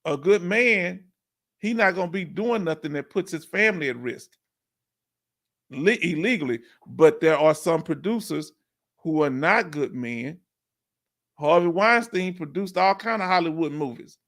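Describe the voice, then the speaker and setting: This is a high-pitched man hosting a laid-back live stream and working his chat. His delivery is lively, with drawn-out emphasis and plenty of questions aimed at the audience.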